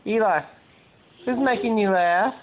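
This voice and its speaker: A woman's voice: medium pitch, measured pace. A woman playing with a baby at home, asking playful, coaxing questions in baby talk. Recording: muffled lo-fi home video, faint hiss.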